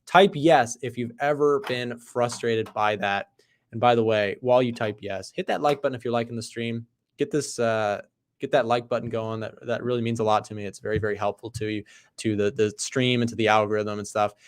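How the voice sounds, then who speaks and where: Animated male trading livestreamer. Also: mid-range voice, a little fast. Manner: conversational, asks "right?" often; animated, emphatic, loud bursts. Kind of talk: live market commentary.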